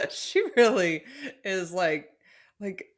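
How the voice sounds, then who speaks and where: A woman's voice: medium pitch, drawn-out words. A woman co-hosting a podcast, chatting casually and giggling as she recaps a reality show, with plenty of "like" in her talk. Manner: giggly, animated, lots of "like" fillers. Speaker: podcast co-host.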